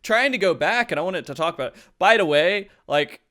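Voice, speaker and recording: A man hosting a gaming podcast in casual chat, animated, laughing often and restarting his sentences. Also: high voice, brisk. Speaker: podcast host.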